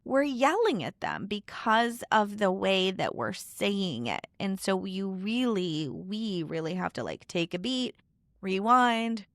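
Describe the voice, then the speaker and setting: A woman's voice: mid-range voice, sing-song, slow, dry recording, studio quality. A woman in her thirties hosting a podcast interview, talking in a chatty, casual way with many fillers. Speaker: podcast host.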